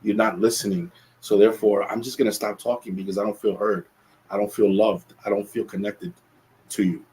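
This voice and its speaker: A man's voice: fairly low pitch, steady tone, brisk, a little mellow, poor audio. A man hosting a solo podcast, talking earnestly and reflectively, often restarting his phrases. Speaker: podcast host.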